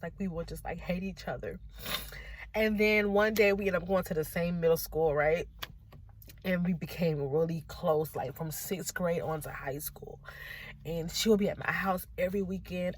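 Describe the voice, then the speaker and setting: A young woman talking in a car, sharing a personal story while holding back tears, rambling with many fillers and restarts. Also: on the low side. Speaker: vlogger. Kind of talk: personal confessional vlog. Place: parked car.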